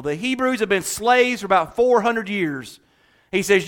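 Male pastor, sermon, high-pitched, animated, emphatic, humorous asides. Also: measured pace.

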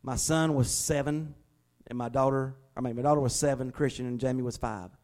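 A male pastor, preaching a sermon in a folksy, conversational way and leaning on slowed, emphatic stresses. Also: mid-range voice, steady tone, darkish tone. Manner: emphatic, with slowed dramatic stresses and acted-out prayers.

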